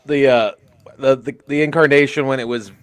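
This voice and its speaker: A man co-hosting a podcast, joking around in casual sports chat, often halting mid-thought. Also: mid-range voice, steady tone. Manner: joking, self-deprecating, halting with fillers. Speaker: podcast co-host.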